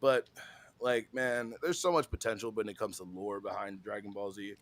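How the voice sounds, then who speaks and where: A tired man co-hosting a podcast in casual chat, excitable and swearing a lot, often trailing off mid-thought. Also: lowish voice, moderate pace. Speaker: podcast co-host.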